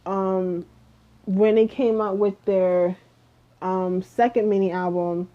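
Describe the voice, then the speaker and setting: A woman's voice: medium pitch, fairly even intonation, slow. A young woman vlogging a casual music review, chatty and rambling with lots of fillers, sleepy and yawning. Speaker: K-pop vlogger. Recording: dull lo-fi home recording.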